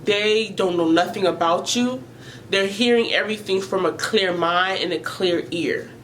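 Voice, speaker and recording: A woman's voice: medium pitch, measured pace, a bit bright, slight background noise, poor audio. A woman vlogger talking earnestly and emotionally to her viewers about mental health, often repeating herself as she searches for words.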